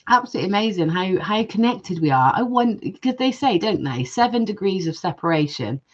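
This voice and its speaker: A woman's voice: medium pitch, very animated, fairly quick, dull audio. A woman hosting a live jewellery-making stream, chatting casually and reading viewer comments aloud.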